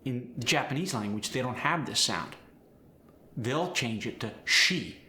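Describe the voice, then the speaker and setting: A man coaching accents, explaining step by step in a clear, instructional way. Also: mid-range voice, lively intonation, a little slow, pushed and bright, echoey room, a little hiss or hum. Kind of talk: instructional lesson.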